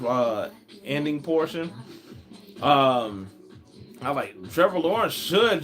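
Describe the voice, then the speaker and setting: A man casually commenting on a football game as he watches, rambling, slangy and animated, often starting with "I was like.". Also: mid-range voice.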